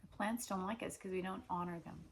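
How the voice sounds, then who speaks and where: Lower-voiced woman in a rambling spiritual monologue. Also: steady tone, slight background noise, poor audio. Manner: meandering and repetitive, with slow emphatic stretches. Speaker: spiritual speaker.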